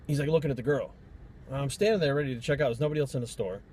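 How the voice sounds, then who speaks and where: A man's voice: medium pitch, rapid-fire, a little mellow, a little hiss or hum. A man from Rhode Island, a fitness trainer, telling stories in a blunt, profane, rambling vlog rant.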